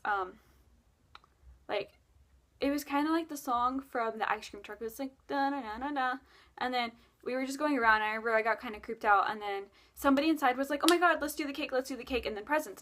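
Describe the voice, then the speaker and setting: A woman's voice: fairly high pitch, fairly bright tone. A young adult woman telling a spooky dream story in a rambling, casual way, with lots of fillers and self-corrections.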